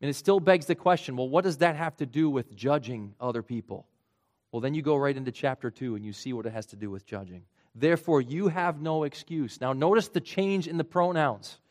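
A man preaching a sermon in an earnest way, his voice rising for emphasis and then dropping low and quiet. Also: fairly quick. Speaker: pastor.

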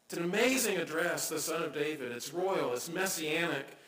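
A man preaches in a bright, ringing voice that sits a little high for a man. His delivery swings between quiet, hushed asides and sudden loud cries. The sound is roomy and echoing, as in a church hall. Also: moderate pace. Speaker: pastor. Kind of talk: sermon.

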